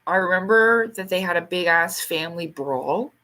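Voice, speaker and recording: Chatty woman host on a casual livestream, rambles, laughs easily, swears lightly, jumps into high squeaky voices when quoting people. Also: normal speed. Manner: reads out and answers viewer comments; acts out quoted lines in sharp, much higher bursts.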